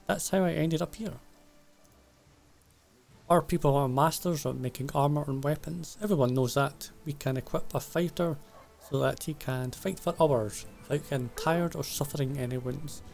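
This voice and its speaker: A man reading game dialogue aloud as a proud male dwarf smith who is stern about family honour, in an earnest, measured way. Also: on the high side, gravelly, a little mellow, soft background music.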